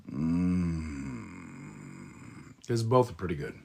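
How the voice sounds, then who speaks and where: A man talking to his live audience in a casual, flirty way, all soft murmurs and teasing asides. His voice sits very low, and he takes his time, letting each word linger. He is still getting over a head cold. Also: very animated, slow, long pauses. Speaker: voice actor chatting live with viewers. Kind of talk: casual live-stream chat.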